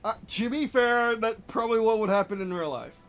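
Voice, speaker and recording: A gameplay video host giving live commentary, venting frustration at the game in short, repeated outbursts and yelling complaints. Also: medium pitch, brisk, soft background music.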